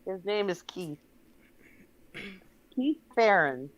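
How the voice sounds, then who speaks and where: A woman's voice: medium pitch, animated, slow pace. A woman speaking as an easygoing guest in a casual live-stream group chat. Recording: lo-fi call audio.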